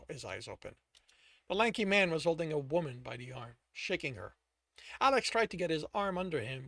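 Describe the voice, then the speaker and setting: A man's voice: fairly high pitch, creaky, a bit bright, no room sound. A man reading his own novel aloud, stopping to correct himself along the way. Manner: self-correcting as he reads. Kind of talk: audiobook-style reading aloud.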